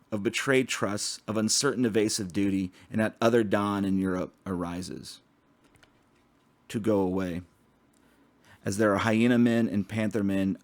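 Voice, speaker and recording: Low-voiced man reading poetry aloud. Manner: slow, measured recitation with restarts on hard words. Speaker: poetry reader.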